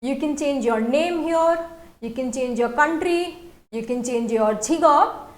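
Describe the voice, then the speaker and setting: A woman's voice: high-pitched, moderate pace, reverberant. A woman teaching a language lesson online, explaining patiently and repeating each example sentence.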